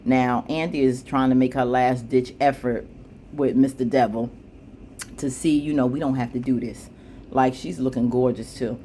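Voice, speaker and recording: A woman casually recapping a TV episode, chatty, with plenty of asides, acting out the characters' lines with jumps in pitch. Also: steady tone, normal speed, mellow, slight background noise. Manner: chatty, frequent fillers and asides. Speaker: TV show recap vlogger.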